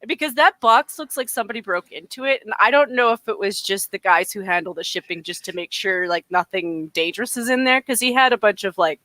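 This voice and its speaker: A woman's voice: medium pitch, animated, brisk, hardly any pauses, sharp tone, dry recording. A woman from northern Alberta with a Canadian accent, co-hosting a casual podcast chat, rambling and often laughing mid-sentence.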